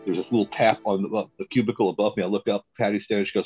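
A young man telling a comic story in a casual chat, animated and laughing often as he acts out what people said. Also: fairly low pitch, racing, hardly any pauses, slightly rough, lo-fi sound, soft background music.

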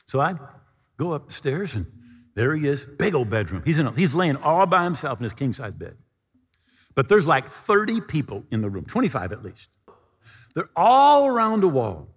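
A man's voice: on the high side, normal speed, slightly rough. A man preaching a sermon and telling stories, acting out the voices of the people he quotes. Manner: animated, acts out quoted voices in his stories. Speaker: pastor. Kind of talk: sermon with storytelling. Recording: long reverb of a large hall.

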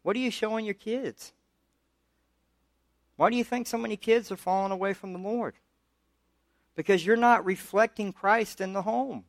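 Working through scripture in a conversational sermon, a pastor from the United States pushes his voice up whenever he drives a point home. The recording is dry.

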